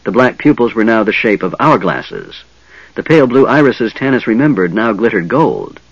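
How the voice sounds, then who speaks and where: Husky male narrator, low voice, lively dramatic delivery, dull lo-fi recording. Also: normal speed, dry recording. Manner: dramatic, expressive reading. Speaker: audiobook narrator. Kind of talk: scripted fantasy narration.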